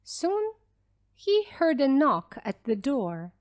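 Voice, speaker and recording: A woman narrating a children's story slowly and clearly for English learners. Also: high-pitched, very animated. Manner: clear and deliberate.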